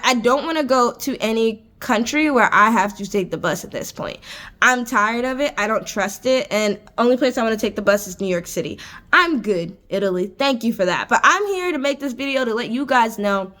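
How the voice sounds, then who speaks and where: A young American woman in her twenties tells a story straight to her camera from an indoor room. Her voice sits fairly high, and she talks in a chatty, exasperated way, packed with "like" and "I was just like". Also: fairly bright tone. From United States. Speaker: vlogger. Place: indoor room with adjustable lighting.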